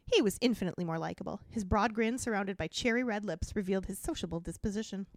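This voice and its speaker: A woman's voice: medium pitch, fast talker, no echo, studio quality. A woman podcast host reading a story aloud with a playful, theatrical, giggly delivery. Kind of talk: dramatic reading with jokey commentary.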